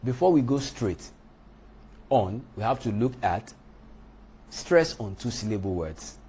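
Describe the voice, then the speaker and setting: A man teaching a lesson on English word stress, speaking deliberately and punching out example words. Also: on the low side, lively intonation, dark tone, slight background noise. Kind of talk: lecture on English pronunciation.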